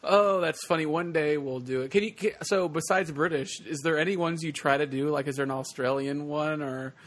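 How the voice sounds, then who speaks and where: Man, podcast host, slightly higher voice, playful, joking banter. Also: fairly quick. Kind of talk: casual comedic podcast chat.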